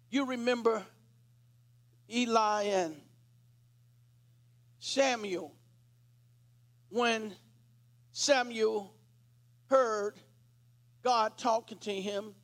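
A man preaching a sermon, retelling a scripture story dramatically and clearing his throat now and then. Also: high voice, fairly bright tone.

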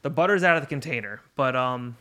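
A male podcast co-host in an easygoing chat, his voice sitting at an ordinary pitch for a man. He jokes around and swears freely, and often breaks off mid-thought before picking up again. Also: expressive, fast, pushed and bright. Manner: loose and joking, swears freely, trails off and restarts.

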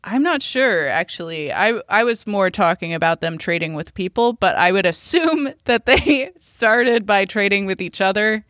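A woman in relaxed podcast chat, playful and quick to laugh. Her voice sits at an ordinary middle pitch and comes through close and dry, with no room sound around it. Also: no echo. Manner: laughs often, playful and chatty. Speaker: podcast co-host. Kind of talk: casual chat.

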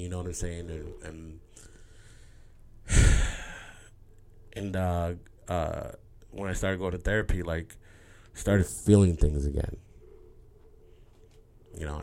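A man's voice: sits low, vocal fry, warm tone. A man talking candidly to his viewers in a rambling, emotional way, repeating words and swearing casually. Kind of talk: candid personal monologue.

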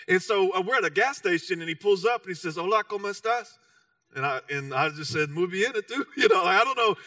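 A man's voice: sits high, lively intonation, fast talker, sharp tone, no echo, studio quality, distant mic. A man in his thirties from Texas with a Texan accent, preaching a sermon as a casual, self-mocking story full of "you know". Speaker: pastor.

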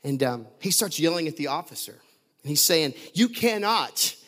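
Animated, laughing male preacher. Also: fairly high pitch, moderate pace. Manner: animated, laughing often, many restarts and fillers. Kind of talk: sermon with storytelling.

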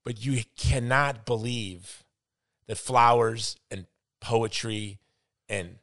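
A man's voice: mid-range voice, takes it slowly, fairly bright tone. A man hosting a podcast, speaking earnestly and reflectively in a casual conversation. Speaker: podcast host.

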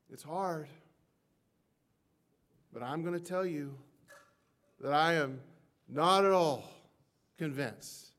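A man preaching a sermon to a congregation. He leans hard on key words, swings between loud peaks and near-whispered drops, and acts out the doubts of his listeners as quoted prayers. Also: mid-range voice. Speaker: pastor.

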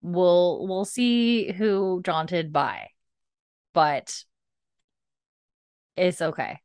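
A woman's voice: lowish voice, very slow, smooth, no echo, clean studio sound. Chatty young woman recapping a show. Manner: chatty, animated, full of fillers. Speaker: podcast co-host. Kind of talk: casual episode recap.

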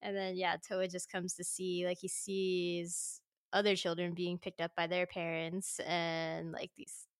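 Woman co-host, casual chat, animated and giggly, acts out lines, dry close mic. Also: lowish voice, a little slow, clean tone, dry recording. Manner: animated, laughs often, acts out characters' lines. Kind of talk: casual chat about an anime.

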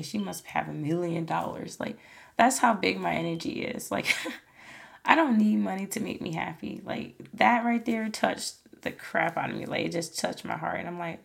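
A woman's voice: medium pitch, moderate pace, creaky, husky. A woman hosting a podcast, talking in a casual, earnest and encouraging way, full of "like" and "you know". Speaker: podcast host. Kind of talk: casual motivational monologue.

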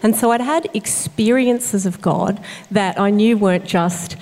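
A woman's voice: mid-range voice, unhurried, darkish tone, long reverb tail. A woman associate pastor, talking earnestly and thoughtfully about her calling in an interview, with frequent fillers and restarts. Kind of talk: conversational interview.

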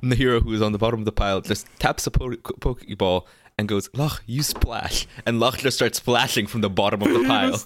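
A man's voice: fairly low pitch, fairly even intonation, fast, few pauses, fairly bright tone, no room sound. Man playing a tabletop game, dry sound. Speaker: player. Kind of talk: casual tabletop play.

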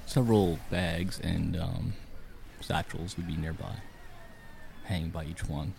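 A man's voice: sits low, steady tone, a little slow, creaky, a little mellow, a little hiss or hum. A man narrating a tabletop game as game master in a dramatic storytelling manner.

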